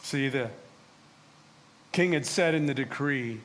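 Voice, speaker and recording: A man preaching a dramatic first-person sermon, speaking in character as the prophet and swinging from hushed pleading to loud, exasperated ranting. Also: mid-range voice, takes it slowly.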